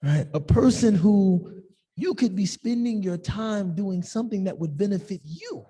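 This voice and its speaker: A man teaching a discussion class in a lively, joking way, often acting out the people he quotes. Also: high-pitched, measured pace, breathy edge. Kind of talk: discussion-based class talk. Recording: long hall reverb.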